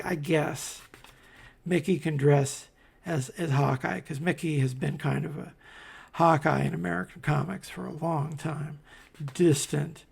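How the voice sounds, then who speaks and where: Gravelly, husky-voiced man, slow and wry. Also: fairly high pitch, darkish tone. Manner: rambling, wry asides, many fillers and restarts. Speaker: comics reviewer. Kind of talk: casual commentary while paging through comics.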